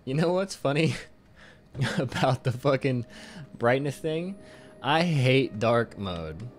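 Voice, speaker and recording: A man with an animated, medium-pitched voice talks slowly while live-streaming a game from his home room. The chat is casual, full of jokes, swearing, and frequent laughter.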